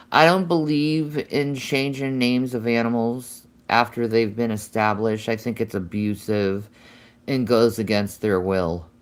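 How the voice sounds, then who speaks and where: A woman chatting casually with viewers on a live stream, answering comments and cooing to her pets now and then. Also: rumbling low.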